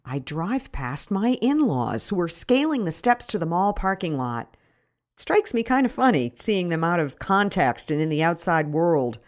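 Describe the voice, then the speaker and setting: A middle-aged woman narrates her own story in a wry, deadpan way. Her pitch moves in a lively way through each line. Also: moderate pace. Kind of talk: first-person memoir reading.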